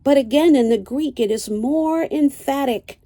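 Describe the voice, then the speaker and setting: An older woman teaching a Bible lesson, reading slowly and deliberately and citing chapter and verse. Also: high voice, dark tone, dry recording.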